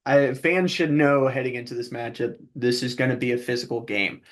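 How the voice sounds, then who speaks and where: A man's voice: medium pitch, fairly quick. A man who is a play-by-play announcer, hosting a radio interview with an upbeat manner and promo-style sign-offs. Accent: American Midwestern. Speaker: play-by-play announcer and show host.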